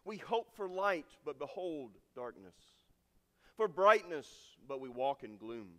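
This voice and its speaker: A man preaching a sermon with dramatic swings from loud, emphatic lines to hushed endings. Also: a little high, sing-song, unhurried. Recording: long reverb of a large hall.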